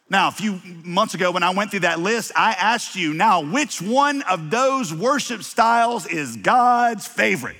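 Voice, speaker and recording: Bright-voiced pastor preaching with humor. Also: male voice, sits high, expressive, unhurried, hardly any pauses, long reverb tail. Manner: humorous storytelling with many restarts. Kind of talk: sermon.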